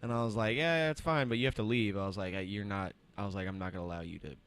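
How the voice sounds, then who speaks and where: A young man with a somewhat low voice, talking with friends on a podcast. He tells his story with animation and slips into the voices of everyone in it. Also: racing, smooth. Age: young adult. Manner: animated storyteller acting out quotes. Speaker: podcast co-host. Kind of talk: casual chat.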